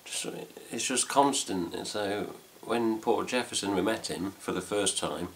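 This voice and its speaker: A man's voice: lowish voice, measured pace, vocal fry, slight background noise. A middle-aged man with an English accent, rambling casually to camera at home as host of a fan news video, swearing lightly as he goes. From England. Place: home room with cats.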